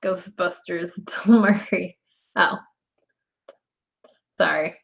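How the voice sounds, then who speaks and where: A woman's voice: lowish voice, fairly even intonation, very slow, gravelly. A young woman chatting casually with her viewers on a live stream, laughing often. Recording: dull lo-fi stream audio.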